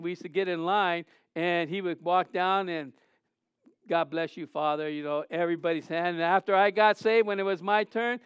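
A male pastor preaching a sermon, telling personal stories with animated delivery and acted-out quotes. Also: sits high, clean tone, no echo. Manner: animated preaching, storytelling, acts out quoted voices.

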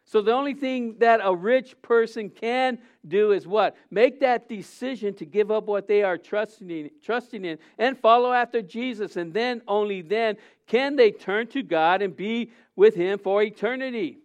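High-voiced man preaching with rhetorical questions. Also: clean tone. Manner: rhetorical questions, halting with fillers. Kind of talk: informal sermon.

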